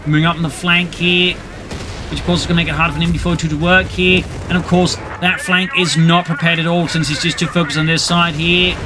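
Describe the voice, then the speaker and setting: Excitable man casting a battle game. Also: high-pitched, background noise. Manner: brisk, excitable, wry. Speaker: game caster. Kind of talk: play-by-play commentary. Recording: commentary over loud game battle sound. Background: gunfire and artillery.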